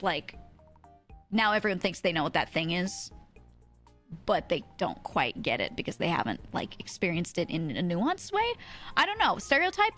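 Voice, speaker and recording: A woman's voice: mid-range voice, a bit bright. Rambling streamer woman, faint music behind. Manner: rambling, swears, laughs often. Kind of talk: casual chat with viewers.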